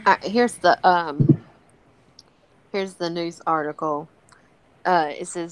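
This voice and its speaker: A woman's voice: fairly low pitch, a little slow, pauses often, smooth, low-quality recording. A woman in casual chat, ranting heatedly with plenty of swearing, then reading a news article aloud. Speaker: co-host.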